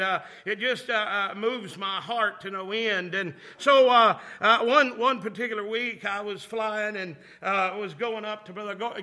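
A man's voice: sits high, bright, forceful tone. A man preaching a sermon, telling a story and building to fervent call-outs to the congregation.

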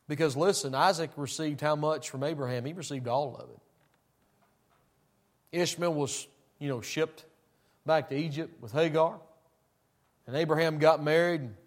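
A man preaching a sermon, swinging between loud emphasis and quiet asides. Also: fairly high pitch.

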